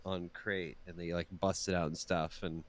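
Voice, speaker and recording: A man's voice: sits low, level tone, normal speed. A man appearing as a guest on a casual podcast, talking hesitantly with many fillers.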